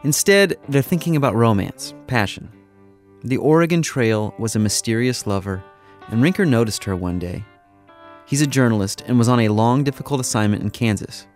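A man hosting a podcast, reading scripted narration in a measured storytelling manner. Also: medium pitch, soft background music.

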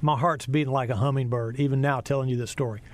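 A man's voice: mid-range voice, fast talker, slight background noise. A middle-aged American sports broadcaster, a man telling a story in an interview and acting out the people he quotes. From USA. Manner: animated storyteller, acts out quotes.

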